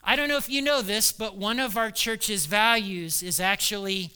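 A man preaching a sermon as pastor, animated, acting out quoted voices and laughing as he goes. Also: high-pitched, normal speed, few pauses, clean tone.

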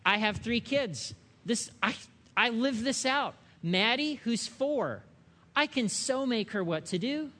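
Man, pastor, forties, high voice, conversational sermon, long hall reverb. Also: animated, slow, sharp tone. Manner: conversational, with frequent rhetorical check-ins and asides.

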